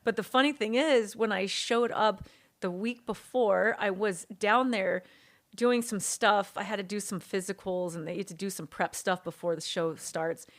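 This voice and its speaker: A woman's voice: mid-range voice, steady tone, normal speed. A woman court reporter, a guest in a casual interview, telling her story animatedly and acting out the dialogue she quotes.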